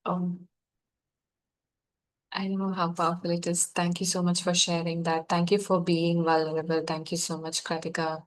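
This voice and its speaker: A woman facilitating a guided healing session, speaking softly, gently and encouragingly to her group. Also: fairly low pitch, monotone, moderate pace.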